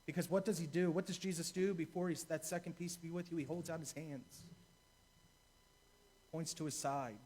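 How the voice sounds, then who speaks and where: A man's voice: fairly high pitch, fairly even intonation, normal speed, a little mellow, slightly rough. A man, a deacon, preaching a sermon in a church, telling a story and repeating key phrases for emphasis.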